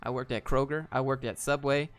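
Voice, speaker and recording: Young male streamer, casual and blunt, middle pitch, faint music underneath. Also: steady tone, brisk, clear, resonant tone. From Georgia, US. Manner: laid-back, reads viewer questions aloud and answers bluntly, says dude. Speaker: streamer answering chat. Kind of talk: casual livestream chat.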